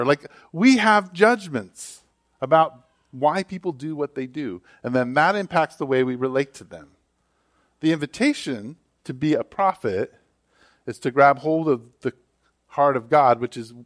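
A man delivering a church sermon at a middle pitch. He talks casually and with animation, checking in with the listeners with "right?" as he unpacks the passage. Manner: conversational and animated, many "right?" and "like" asides. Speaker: pastor.

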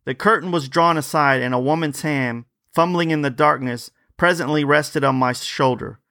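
A man hosting a podcast, reading an old ghost story aloud in a measured, dramatic way on a close microphone. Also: a little high, bright, forceful tone, no echo. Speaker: podcast host, reader.

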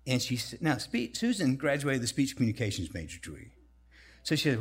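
A man preaching a sermon as guest speaker, telling lively, self-deprecating stories. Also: mid-range voice, fairly quick, breathy edge. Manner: animated, self-deprecating storytelling.

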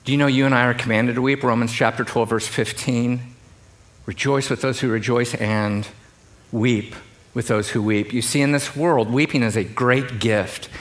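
A middle-aged pastor, preaching a sermon to a congregation in a conversational, joking way. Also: male voice, mid-range voice, fairly even intonation, moderate pace. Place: church in front of a congregation.

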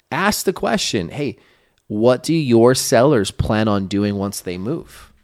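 A man with a fairly low voice co-hosts a coaching podcast. He talks in a casual, emphatic way and acts out short sample dialogues to make his points. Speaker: podcast co-host, real estate coach.

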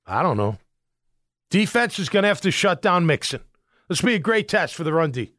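Casting: male sports podcast host, higher voice, fired-up ranting delivery, dry close recording. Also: brisk, no room sound. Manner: animated, exasperated, repeats words. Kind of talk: casual sports rant.

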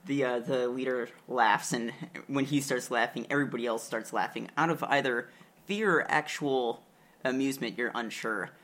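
A man narrating as game master, relaxed and hesitant with fillers. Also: medium pitch, normal speed.

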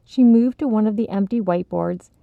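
A woman narrating a story in a steady, even storytelling manner. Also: mid-range voice, fairly quick, gravelly, dry recording. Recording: slightly dull, dry recording.

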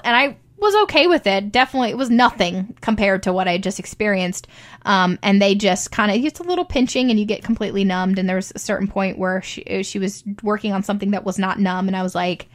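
A young woman tells her birth story in a loose, conversational way. She fills her talk with ums and likes and slips into quoted voices as she goes. Her pitch sits in the middle. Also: fast. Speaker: new mother telling her birth story. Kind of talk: casual personal storytelling.

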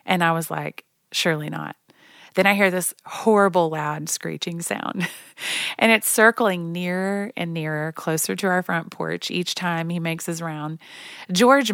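A woman's voice: on the low side, unhurried, a bit bright, clean tone, no room sound, studio quality. A woman from Oklahoma telling a chatty, self-deprecating story in a casual monologue, laughing now and then as she talks.

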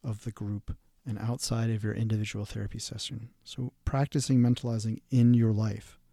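A man hosts an instructional therapy podcast, explaining ideas in a measured, halting way with frequent ums and restarts. His voice is low and mellow. The recording is dry and close, with no room sound. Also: level tone, creaky, dry recording.

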